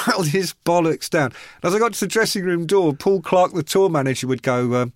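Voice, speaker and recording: A man's voice: mid-range voice, quick pace, few pauses, no echo. A middle-aged man, telling rock anecdotes in casual chat with dry self-mockery. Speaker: podcast co-host, rock writer.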